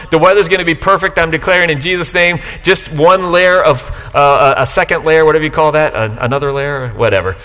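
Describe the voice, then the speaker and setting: A man pastor delivers a sermon with a bright, forceful voice that sits a little high. He jokes with the crowd and jumps from loud, excited lines to quiet asides. His words ring out with a long reverb from the church hall. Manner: lively, joking, swings from loud to soft. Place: church sanctuary, live congregation.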